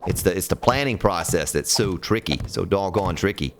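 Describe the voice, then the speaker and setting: A man's voice: sits low, lively intonation, normal speed, background noise. A man streaming a building game, counting blocks aloud, chatting with viewers and grumbling at the game as he plays. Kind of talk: casual live-stream gameplay commentary.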